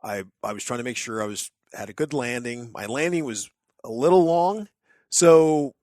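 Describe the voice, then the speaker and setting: A man's voice: medium pitch, normal speed, dry recording. A man co-hosting a podcast, chatting casually and telling stories with lots of expression. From United States. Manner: animated storyteller acting out others' shouts. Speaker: podcast co-host. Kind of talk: casual chat.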